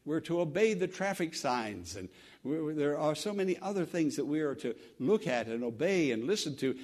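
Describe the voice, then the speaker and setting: A man preaching a sermon as pastor, earnest, swelling loud and then dropping to a hush, with halting restarts. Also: on the high side.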